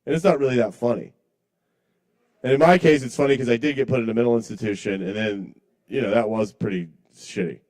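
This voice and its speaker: A man's voice: mid-range voice, brisk, darkish tone. A man doing stand-up comedy at a small bar's open mic night. He rambles, apologizes to the crowd and chuckles at his own jokes.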